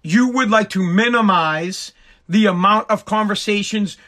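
A man's voice: high-pitched, measured pace, pushed and bright. A man, a podcast host ranting with lots of swearing, exasperated and emphatic. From Woburn, Massachusetts, USA. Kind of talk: comedic profane rant.

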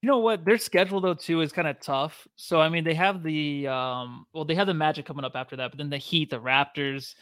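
A man's voice: on the high side, brisk, few pauses, fairly bright tone, no echo, clean studio sound. A man co-hosting a casual sports podcast, wry and jokey, who often trails off mid-thought. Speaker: podcast co-host.

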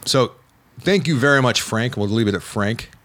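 A man from the United States co-hosting a casual film podcast, animated and teasing, playfully scolding his friend. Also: mid-range voice, moderate pace, a little hiss or hum. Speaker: podcast co-host, film reviewer. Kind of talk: casual chat.

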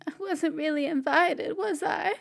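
A woman's voice: very high voice, lively intonation, moderate pace, fairly bright tone, no echo, studio quality, voice pushed up. Woman doing a sad little boy. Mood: plaintive. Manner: small, plaintive, on the verge of tears.

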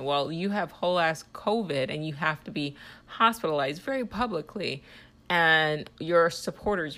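A woman's voice: sits low, a bit bright. A woman hosting her own podcast, talking in a heated, rambling monologue full of "like" fillers. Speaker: podcast host. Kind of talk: casual monologue.

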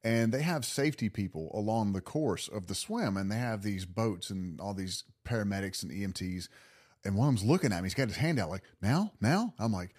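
A man guest on a podcast, telling a story in a casual, animated way, laughing and restarting his sentences. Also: on the low side, fairly quick. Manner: animated, laughing, lots of restarts and acted self-talk.

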